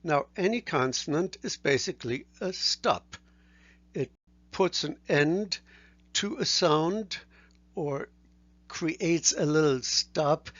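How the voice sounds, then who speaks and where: A male teacher talks through a lesson at a very slow, deliberate pace, pausing to sound out letters one by one. His voice sits slightly high. The recording is dry and a bit muffled. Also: a bit bright, no room sound. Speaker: language teacher. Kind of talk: recorded lecture.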